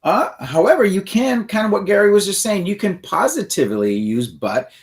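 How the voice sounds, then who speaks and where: A man's voice: high-pitched, very animated, normal speed. A man co-hosting a self-help podcast, explaining ideas in a loose, rambling way and acting out example phrases. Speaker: podcast co-host. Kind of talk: conversational teaching.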